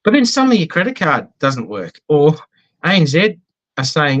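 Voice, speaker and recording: A man's voice: on the high side, wildly swooping pitch, moderate pace, low-quality recording. An Australian man chatting in an interview, telling anecdotes in a self-deprecating way. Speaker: business guest. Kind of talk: casual conversational interview.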